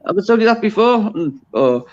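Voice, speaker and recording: Scouse man, high voice, rambling casual chat, video call, dull lo-fi sound. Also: very animated, brisk, darkish tone. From Liverpool, England. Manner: rambling, self-interrupting, chuckling. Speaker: guest. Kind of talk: casual chat on a live stream.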